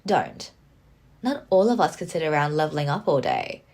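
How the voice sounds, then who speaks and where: Give me a woman acting out a cocky young male coworker from a visual novel, all smug teasing and trash talk. The voice sits a little low. He ribs everyone, even when he loses. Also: normal speed, full character voice. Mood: dismissive.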